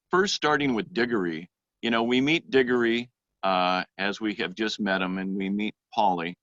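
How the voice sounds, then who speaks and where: A man giving a church education talk on literature, speaking thoughtfully with frequent pauses and reading passages aloud. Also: on the low side, a bit bright, dry recording, muffled recording.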